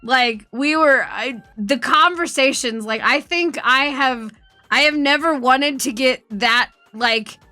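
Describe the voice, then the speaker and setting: A woman's voice: sits high, slow, pushed and bright, no echo, faint music behind. A woman streamer telling a story in casual chat, swearing often and laughing as she goes.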